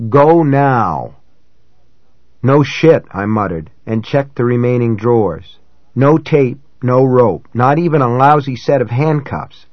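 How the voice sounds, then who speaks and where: A man reading a novel aloud in first person, in a measured, dramatic way that rises for shouted dialogue. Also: mid-range voice, no echo, dull audio. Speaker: audiobook narrator. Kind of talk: scripted first-person narration.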